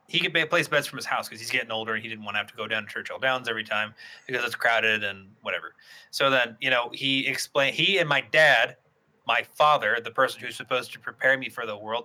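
A man's voice: mid-range voice, pushed and bright. A young man telling rambling stories in a casual podcast chat, swearing and restarting often.

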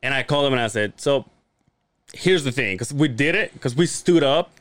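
A man's voice: mid-range voice, lively intonation, moderate pace, fairly bright tone, no echo. Profane, storytelling podcast host man. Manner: storytelling with lots of profanity, restarts and acted-out quotes. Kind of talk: casual chat.

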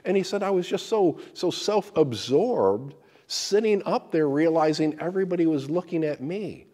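A man's voice: on the high side, normal speed. A man preaching a sermon, explaining scripture with folksy stories, full of restarts and repeated words. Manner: animated storytelling with repeated restarts.

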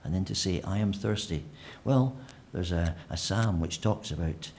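A man's voice: low voice, normal speed, a little mellow, slight background noise. A man preaching a sermon in a church, conversational and full of fillers and restarts.

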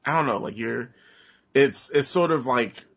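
A man co-hosting a casual gaming podcast, talking haltingly with a summer cold. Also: medium pitch, a bit bright, husky. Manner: halting, many fillers and restarts. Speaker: podcast co-host.

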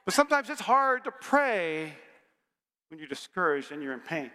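A man preaching a sermon in a church, energetic and humorous, rising now and then to shouts. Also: high voice, normal speed. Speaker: pastor. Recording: long hall reverb.

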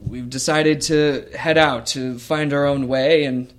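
A man's voice: medium pitch, fairly even intonation, slow pace, close to an everyday voice. A man voicing a friendly, talkative female gnome traveler who explains things in a chatty way.

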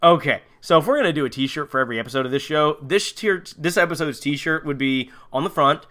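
A man's voice: fairly high pitch, expressive, fast talker, few pauses, sharp tone. A man hosting a comedy podcast, sarcastically recapping a bad horror movie with plenty of profanity. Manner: sarcastic, profane, mocking voices of characters. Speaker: podcast host.

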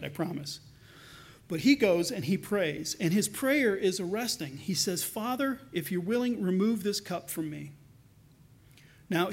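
Man, sermon, fairly high voice, earnest, conversational, slow emphatic scripture reading. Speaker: pastor.

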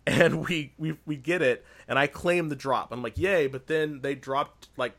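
A man retells a video game session in loose, casual podcast talk. He rambles and grows excitable, often restarting his sentences as he goes. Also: fairly high pitch, a little slow.

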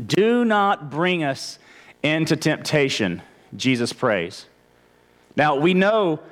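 A male pastor preaching a conversational sermon, often stammering and restarting his phrases. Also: a little high. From Texas, United States.

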